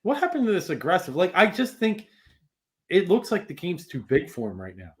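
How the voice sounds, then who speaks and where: A man's voice: high-pitched, huge pitch swings, fairly quick, a bit bright. A man co-hosting a casual sports podcast, talking in a frustrated, ranting way. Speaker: podcast co-host.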